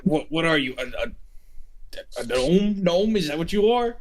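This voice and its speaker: A man voicing a big, gruff male warrior who speaks in clipped, formal phrases. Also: fairly high pitch, animated, a little slow, voice pushed up.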